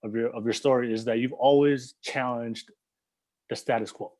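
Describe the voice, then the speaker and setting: A man hosts a casual podcast interview at a middle pitch. He rambles, circling back and restarting his sentences as he builds up to a point. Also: fairly even intonation, normal speed, darkish tone. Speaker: podcast host.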